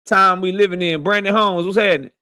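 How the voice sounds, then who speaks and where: A man hosting a boxing livestream who greets viewers by name in loud, slangy, profane banter. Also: high-pitched, fairly even intonation, fast, smooth, dry recording, clean studio sound. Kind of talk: casual livestream chat, shouting out viewers.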